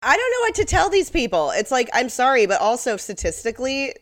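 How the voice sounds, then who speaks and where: A woman's voice: sits high, very animated, brisk, a little hiss or hum. A woman co-hosting a podcast, casually retelling a TV episode with mock-outraged quips. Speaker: podcast co-host.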